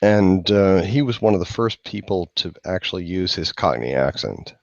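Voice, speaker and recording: A man's voice: deep voice, animated, moderate pace, gravelly, dry recording. A man in casual chat who rambles, restarts and swears, recorded with a dull, dry lo-fi sound. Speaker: podcast host.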